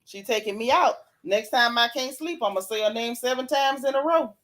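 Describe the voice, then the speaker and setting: A woman hosting a casual live-stream recap, reading viewer comments and talking with sassy, animated flair, often yawning and laughing. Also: on the high side, a little fast. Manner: sassy, animated, Southern Black vernacular gossip. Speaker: reality TV recap host reading live chat.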